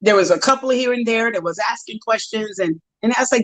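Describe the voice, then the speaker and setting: A woman's voice: a little high, a little fast, hardly any pauses, low-quality recording. A woman who coaches strength and conditioning talks as a guest on a podcast. She tells stories with energy, bringing other people's words to life as she speaks. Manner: lively storyteller, acts out quoted dialogue. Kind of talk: casual interview.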